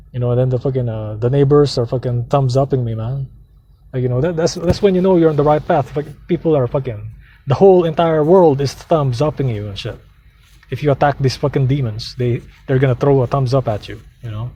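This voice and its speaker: A man's voice: mid-range voice, fairly quick, dark tone, slightly rough. Heated, profane man ranting from a car. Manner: profane, rambling, heated storytelling. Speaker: vlogger. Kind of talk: casual ranting monologue. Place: parked car.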